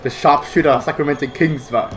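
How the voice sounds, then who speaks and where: A young man giving excitable, foul-mouthed reaction commentary. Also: on the high side, brisk, noisy background. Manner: excitable, swears a lot, bursts of shouting. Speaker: vlogger reacting to basketball footage.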